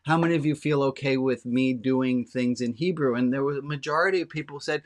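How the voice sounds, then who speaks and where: Rabbi guy giving a chatty sermon, blunt and plainspoken, mid-pitched voice. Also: animated, moderate pace. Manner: frank, plainspoken; talks directly to a small congregation. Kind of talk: conversational sermon.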